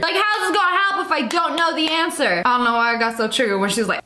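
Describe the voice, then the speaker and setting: Sarcastic high-voiced woman host. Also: quick pace, hardly any pauses, echoey room, a little hiss or hum. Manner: sarcastic, animated, jokey. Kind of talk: reaction video commentary.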